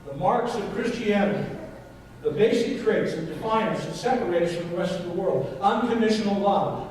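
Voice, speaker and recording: Male pastor, high voice, emphatic repeated phrases, distant church-hall sound. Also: moderate pace, darkish tone, a little hiss or hum. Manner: emphatic preaching, repeating phrases, asking the congregation questions. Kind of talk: sermon. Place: church sanctuary.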